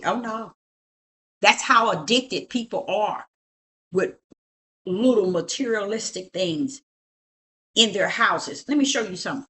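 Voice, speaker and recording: In a casual show-and-tell at home, a middle-aged prophetess points things out in a medium-pitched, expressive voice with a sharp tone. She's unhurried and pauses often, preaching emphatically and frequently asking "you see?"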